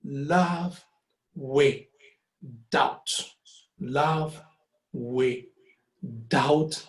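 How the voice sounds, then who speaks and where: Speaking extremely slowly with a voice on the high side, a man with a Ghanaian accent leads a music class in Twi and English. The room is echoey, and he patiently repeats each word syllable by syllable.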